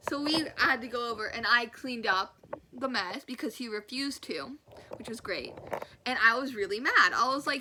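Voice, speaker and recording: Animated young woman telling a storytime. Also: on the high side, normal speed, slight background noise, poor audio. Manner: animated, acts out quotes, laughs often. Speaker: storyteller vlogger. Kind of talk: casual storytime vlog.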